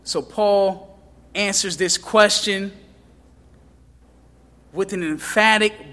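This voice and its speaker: A man preaching a sermon with impassioned delivery, rising to loud questions and dropping low for emphasis. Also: steady tone, slow, long pauses, big-room sound. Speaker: pastor.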